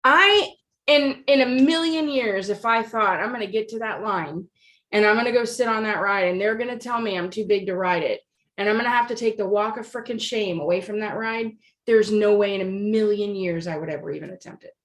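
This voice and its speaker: A woman co-host muses openly and asks probing questions in an easy, conversational way. She answers her partner's stories with dry, quick retorts at a middling pitch. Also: fairly bright tone. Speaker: podcast co-host. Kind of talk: casual chat.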